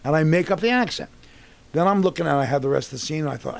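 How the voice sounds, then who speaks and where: A gravelly, somewhat high voice belongs to an actor in his sixties who talks at a quick pace, with a little hiss or hum in the recording. As an interview guest in a casual setting, he tells animated, rambling stories about his career, full of restarts.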